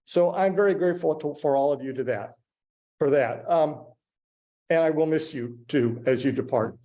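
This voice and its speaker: A man giving halting public remarks to a school board, with many fillers and restarts. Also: fairly high pitch, mellow. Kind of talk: public comment at a board meeting. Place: public meeting room.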